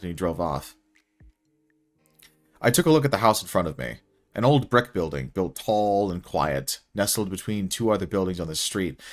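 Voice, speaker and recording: A young man reading his own first-person story aloud in a wry, casual way. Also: low-pitched.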